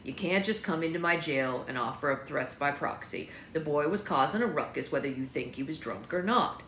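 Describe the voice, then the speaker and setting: A woman's voice: sits low, expressive, brisk, a bit bright, echoey room, far from the mic, slight background noise. A woman voicing a stern, exasperated small-town male sheriff in a read-aloud of her own novel. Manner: stern, firm.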